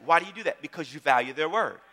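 A man preaching a sermon in a church, calling out to the congregation and repeating phrases as he builds to shouts. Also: fairly high pitch, expressive, fast, in a large hall. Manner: call-and-response preaching, repeats words, rising to shouts. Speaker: pastor.

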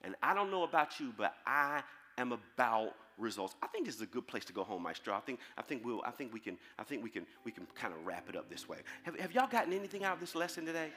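A male pastor preaching a sermon to his congregation, calling out to the crowd, then dropping into a quiet storytelling voice. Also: mid-range voice, big pitch swings, fast talker, long reverb tail. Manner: call-and-response preaching, swings from shouting to soft storytelling. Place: large church hall.

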